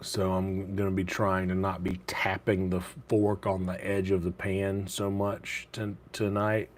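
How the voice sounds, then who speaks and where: Late at night, a man streams live from his home kitchen, his deep voice level and unhurried. He chats casually and rambles with plenty of fillers, keeping quiet so his sleeping roommates stay asleep.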